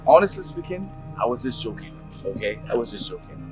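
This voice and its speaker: An actor with a Nigerian Pidgin accent playing a streetwise young man who teases and flatters in a relaxed, easygoing way. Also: mid-range voice, a little fast, soft background music, close to an everyday voice. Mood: teasing. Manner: teasing, easygoing, mixes Pidgin and English. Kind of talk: Nollywood film acting.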